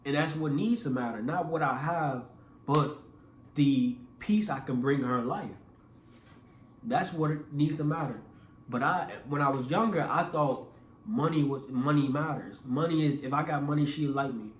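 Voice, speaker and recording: A man's voice: fairly high pitch, moderate pace, reverberant, slight background noise. A young man telling a personal story casually, acting out voices with lots of restarts. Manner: animated, acts out quoted voices; casual, repeats words and restarts. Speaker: vlogger.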